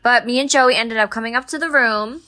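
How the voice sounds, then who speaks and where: Bright laughing woman in echoey room. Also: on the high side, brisk. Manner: reactive, laughing interjections. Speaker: podcast co-host. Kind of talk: casual chat.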